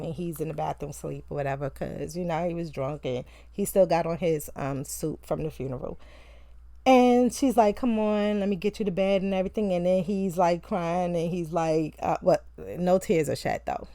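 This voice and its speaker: A woman's voice: lowish voice, darkish tone, no echo, studio quality. Chatty laughing woman reviewing a movie. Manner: chatty, laughing, sarcastic, acts out quotes from the film. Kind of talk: casual movie review recap.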